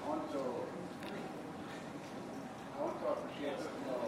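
Halting man questioning from far off. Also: medium pitch, big pitch swings, very noisy. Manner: hesitant, halting, many fillers. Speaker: audience member asking a question. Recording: distant echoey hall mic, faint ambience.

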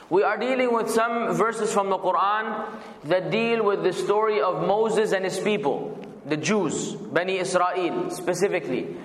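A man's voice: sits high, fairly bright tone. A man teaching a weekly Quran commentary class, patiently explaining and spelling out words. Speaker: religious teacher. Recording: echoey, reverberant hall.

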